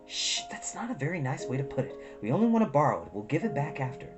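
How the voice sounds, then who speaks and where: A woman's voice: sits low, very animated, fast talker. A woman voicing a fretful, flustered male town mayor in a storybook reading, with guitar music behind. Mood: hushed. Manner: flustered, pleading.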